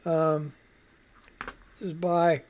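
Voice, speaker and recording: Drawing out his words in a fairly high, slightly mellow voice with a level tone, the radio host mutters and swears casually as he struggles to fix his stream setup live. It plays as casual live-stream commentary, with slight background noise.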